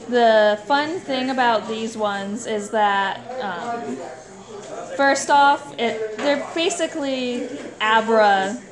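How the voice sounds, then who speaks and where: A woman's voice: a little high, takes it slowly, crowd noise. A woman guest in a casual chat, explaining at length with some hesitant fillers.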